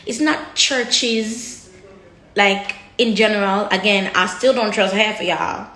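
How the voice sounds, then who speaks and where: A woman's voice: mid-range voice, takes it slowly, bright, forceful tone. A woman vlogger talking candidly to her viewers, blunt and emotional, cursing freely and often repeating herself as she searches for words. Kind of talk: candid personal talk to camera. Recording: echoey room.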